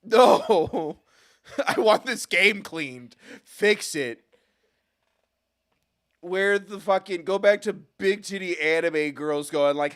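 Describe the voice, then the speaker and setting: Slow-talking excitable male game streamer. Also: high voice. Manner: expressive, swearing, frequent laughter, loud outbursts. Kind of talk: live gaming commentary. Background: faint game music.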